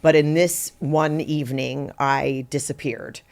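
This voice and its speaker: A middle-aged woman, an actor guest on a podcast, telling stories in a lively, conversational way and acting out the quotes in them. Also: low voice, unhurried, creaky. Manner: animated, acts out quotes in her story, laughs easily. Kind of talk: conversational interview storytelling.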